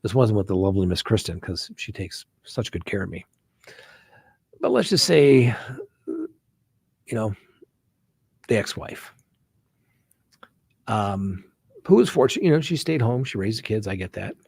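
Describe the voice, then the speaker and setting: A man's voice: on the low side, big pitch swings, unhurried, creaky, pauses often, a little mellow, breathy edge, no echo. A man hosting a live show as a criminal defense attorney, talking casually in a folksy way with frequent "right?" asides. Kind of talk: casual live-stream talk.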